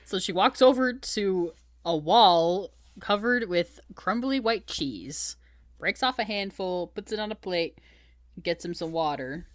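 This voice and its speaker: A woman's voice: lowish voice, lively intonation, measured pace, no room sound. Giggly woman podcast host, dry sound. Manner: giggly, laughs often while retelling scenes. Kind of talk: casual book-review chat.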